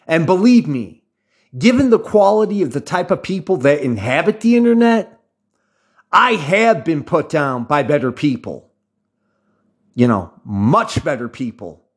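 Middle-aged american guy just chatting to the camera, voice on the higher side, keeps wandering off topic and restarting. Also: lively intonation, a little slow, slightly rough. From United States. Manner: rambling, tangent-prone, with frequent restarts and fillers. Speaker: channel host. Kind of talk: casual talk to camera.

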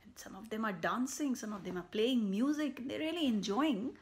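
A woman reading a picture book aloud to children, slow and animated, with buzzing and animal sound effects and soft whispered asides. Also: on the high side. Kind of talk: children's story read-aloud.

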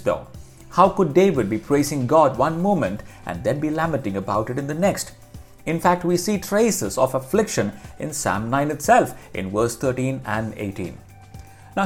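An earnest man teaching a devotional Bible reflection, his pitch rising and falling in lively swings and sitting a touch high for a man. He leans on rhetorical questions and slows down when he quotes scripture, with soft music playing underneath. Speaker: preacher.

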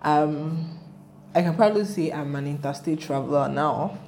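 Young woman, Nigerian accent, low mellow voice, chatty, animated. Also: normal speed, a little hiss or hum. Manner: chatty, animated, rambling asides. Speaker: travel vlogger. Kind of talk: casual storytelling vlog.

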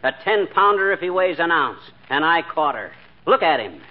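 A blustering husband brags through his tall tales in a slightly high, brash voice. It is a 1940s radio sitcom heard on a dull lo-fi broadcast. A faint hiss sits under it. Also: big pitch swings, moderate pace. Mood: boastful. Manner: brash, bragging storyteller.

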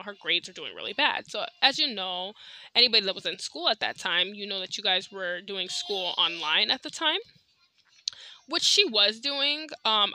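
A woman's voice: mid-range voice, pushed and bright. A young adult woman hosting a podcast, telling a personal story in a chatty, candid way with lots of filler words. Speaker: podcast host. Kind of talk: casual storytelling monologue.

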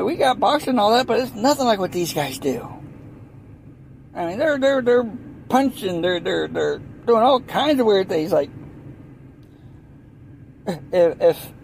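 A man's voice: high-pitched, gravelly, slight background noise, rough recording. A man rambling through a sarcastic comic monologue, full of restarts and mock voices. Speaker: comedian. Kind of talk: rambling stand-up style monologue.

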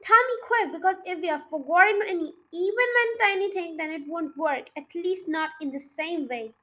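A woman voicing an excitable middle-aged farmer father who shouts eagerly and urgently in a storybook reading. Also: very high voice, moderate pace, highs cut off. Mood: excited. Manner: loud, eager, urgent cries.

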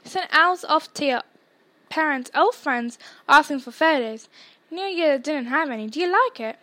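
A woman voicing a giant, soft-hearted male groundskeeper with rough, dialect-flavoured speech. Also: sits high, lively intonation, moderate pace, no room sound. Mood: gentle.

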